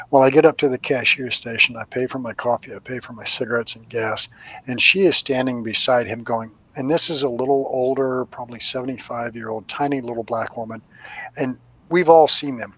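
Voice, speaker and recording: A middle-aged man spins stories in loose, profane chat and acts out the voices of the people in them. His voice sits at an ordinary pitch with a husky, breathy edge. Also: fairly quick, muffled recording. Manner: animated, profane storyteller acting out voices. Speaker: medium. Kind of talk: casual storytelling chat.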